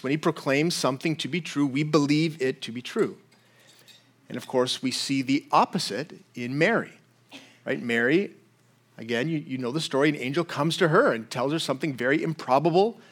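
A man preaching a sermon as pastor, talking conversationally and checking in with his listeners. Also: fairly high pitch.

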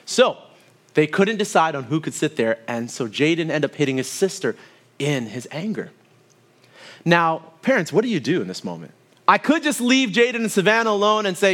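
A man in his thirties preaching a sermon with a slightly higher voice than most men. He tells everyday stories and turns to address the congregation directly. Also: big pitch swings, a little fast, a bit bright. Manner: storytelling with asides to the congregation. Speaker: pastor.

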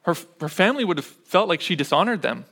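High-voiced man preaching a sermon. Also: sing-song, fast, creaky, a bit bright. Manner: conversational preaching, frequent "right?" check-ins. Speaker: pastor.

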